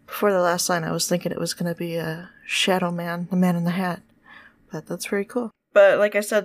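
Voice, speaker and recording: A young woman hosting a podcast in a chatty, animated way, trading ghost stories and reading a friend's account aloud. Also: medium pitch. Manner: chatty and animated, laughs easily. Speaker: podcast host.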